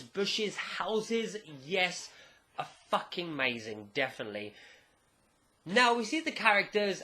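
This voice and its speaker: A man from England giving a casual, excitable video review, swearing freely as he talks. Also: a little high. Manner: animated, excitable, casually profane. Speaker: anime reviewer.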